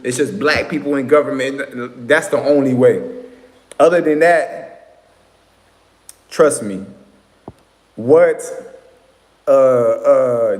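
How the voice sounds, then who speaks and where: A man talking straight to viewers in a rambling, lecturing way, often checking in with "right?" and "you know what I'm saying". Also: on the high side. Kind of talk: casual monologue to viewers. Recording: echoey room with long reverb.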